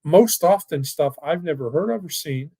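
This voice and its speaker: In a dry recording, a fairly high, warm, husky male voice with lively intonation speaks at a moderate pace. He owns a financial firm and is hosting an online workshop from home or an office, running a casual webinar with live questions in an enthusiastic, rambling, folksy style.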